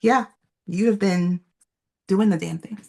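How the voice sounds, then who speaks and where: A woman's voice: medium pitch, a little slow, creaky, mellow. Woman co-host, casual chatter, easy laughs, loose with fillers. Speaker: podcast co-host. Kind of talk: casual chat.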